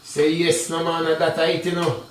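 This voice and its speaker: A man's voice: on the high side, little pitch movement, normal speed, reverberant, noisy background. A man with a Jamaican accent chatting casually through a cooking tutorial, talking straight to his viewers in patois mixed with English. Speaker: cooking vlogger. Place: kitchen.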